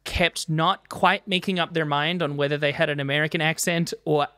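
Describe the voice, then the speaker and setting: A woman with an Australian accent co-hosts a podcast, talking in a quick, joking way and laughing often between remarks. Her voice sits on the lower side. The recording is close and dry. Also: fairly even intonation, fairly bright tone, dry recording. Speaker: podcast co-host. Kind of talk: casual chat.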